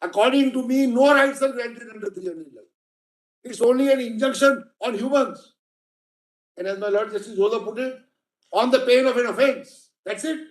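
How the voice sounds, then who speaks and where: Here a man with an extremely high pitch and moderate pace makes a legal argument to judges. He speaks with an Indian English accent, is emphatic, and keeps addressing them as "my lord" in a courtroom full of echo.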